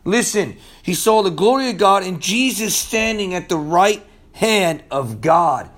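A man preaching a sermon in a casual, slangy way, swinging from loud emphasis to hushed asides. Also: sits high, expressive, a little slow.

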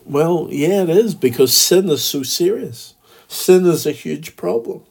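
A man's voice: mid-range voice, expressive, normal speed, vocal fry, a little mellow, husky. A man with a Northern Irish accent giving a daily devotional as a pastor, earnest and reading scripture aloud. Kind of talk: daily devotional podcast talk.

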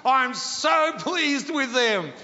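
Brief: an exultant, very high, shouting Heavenly Father, proud and overjoyed, heard in an echoey hall. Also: lively intonation, very slow, soft background music, exaggerated voice. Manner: shouting exuberantly. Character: joyful Heavenly Father cheering on his children. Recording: echoey hall, dull sound.

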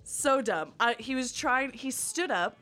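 A young adult woman hosting a podcast, telling a story in casual, profane, animated chat that often runs fast. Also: fairly high pitch, soft background music. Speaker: podcast host.

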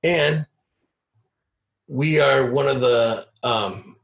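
A man's voice: medium pitch, very slow. A man in his forties, a podcast guest, telling stories in a blunt, rambling way. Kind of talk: casual storytelling chat.

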